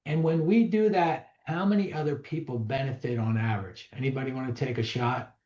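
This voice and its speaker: A male real estate trainer talking to a live audience in a medium-pitched, emphatic, conversational way. The sound is roomy and a little dull, as from a room recording. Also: a little fast, a little mellow. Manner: emphatic, conversational, acts out dialogues. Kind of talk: seminar talk to a live audience.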